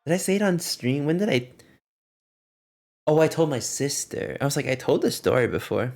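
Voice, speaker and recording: A man's voice: on the high side, expressive, moderate pace, vocal fry, darkish tone. A man livestreaming, chatting casually with his viewers and laughing often as he reacts to chat.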